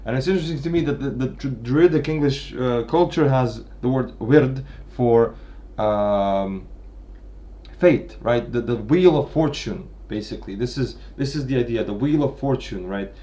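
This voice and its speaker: A man thinking aloud through a literary analysis at a medium pitch. He keeps restarting his phrases and checks in with a steady "right?" after each point. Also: moderate pace. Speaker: literature commentator. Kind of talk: unscripted analytical lecture.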